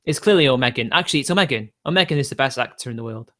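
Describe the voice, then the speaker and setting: A man's voice: mid-range voice, animated, racing, sharp tone. A man, chatting casually on a livestream, answering viewers' questions in an opinionated, rambling way with frequent laughs. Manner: rambling, opinionated, laughs often between remarks. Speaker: streamer.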